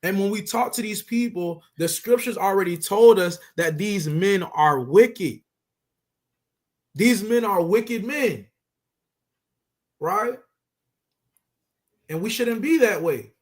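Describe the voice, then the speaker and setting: A man teaching scripture in loose street talk, pressing each point with emphasis and repeated phrases. His voice is high for a man. He keeps it conversational, speaking to a partner. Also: expressive, slow, long pauses. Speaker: religious teacher.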